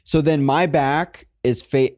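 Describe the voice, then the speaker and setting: A man who is a guest on a podcast, telling a story in relaxed casual chat, self-mocking and quick to giggle. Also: a little high, no room sound, clean studio sound.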